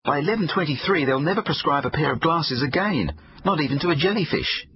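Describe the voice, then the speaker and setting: A man doing a panicky boy, high and urgent. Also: lively intonation, a little fast, highs cut off, slight background noise. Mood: alarmed. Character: anxious excitable young boy.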